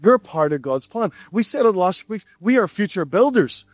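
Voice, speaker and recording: A man preaching a sermon as pastor, animated and repeating key lines for emphasis. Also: high-pitched, normal speed, no echo.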